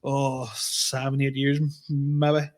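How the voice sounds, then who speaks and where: A man's voice: mid-range voice, completely flat delivery, slow. Laughing man in his thirties ranting. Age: 30s. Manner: laughs often, repeats himself, swears freely. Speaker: comedian podcast co-host. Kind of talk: casual podcast rant.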